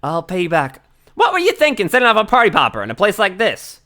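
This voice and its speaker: A man's voice: fairly high pitch, very animated, fairly quick, bright, forceful tone. A man voicing a brash, tough Southern woman photographer in a game, with a drawling Southern US accent and a hollering folksy manner. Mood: scolding. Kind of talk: reading game dialogue aloud.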